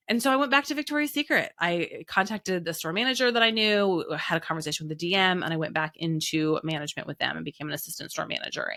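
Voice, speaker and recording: A woman's voice: deep voice, pushed and bright, no echo, clean studio sound. A woman in her thirties from the American Midwest telling stories in a chatty conversational way, full of fillers and acted-out quotes. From Indiana, American Midwest. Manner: chatty, lots of "like" fillers, acts out quoted voices. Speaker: business owner and guest. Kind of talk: conversational storytelling.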